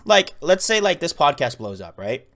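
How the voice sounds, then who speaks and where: A man's voice: fairly high pitch, big pitch swings, moderate pace, fairly bright tone. A young man co-hosting a casual podcast, making his points in an earnest, argumentative way with plenty of "like" and "you know". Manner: argumentative, earnest, lots of fillers. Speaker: podcast co-host. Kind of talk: casual chat.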